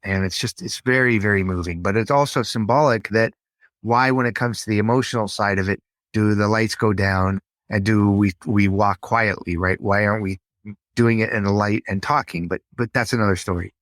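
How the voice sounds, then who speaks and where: A middle-aged man, a podcast guest, telling a personal story in an earnest, halting way with frequent restarts. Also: on the low side, steady tone, fairly bright tone, no echo.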